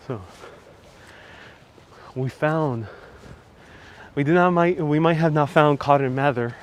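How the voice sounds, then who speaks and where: Walking city streets outdoors, a man hosts a live tour, chatting casually and responding to viewer comments along the way. His voice is fairly high and slow, with frequent pauses. He's filmed on a phone mounted on a handheld gimbal, and there's slight background noise.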